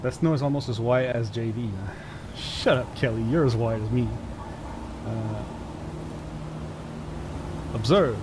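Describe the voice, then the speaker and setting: Man streamer, joking let's-play commentary, mid pitch, faint background hum. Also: unhurried, long pauses. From Quebec. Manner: joking, reads game text aloud in dramatic voice. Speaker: gaming streamer.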